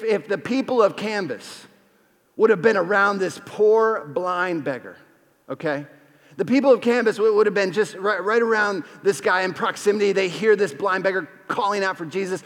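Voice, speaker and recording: A man preaching a sermon in a casual, energetic, conversational way, acting out the people in the story. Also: sits high, in a large hall. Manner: energetic, conversational, acts out quotes. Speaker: pastor.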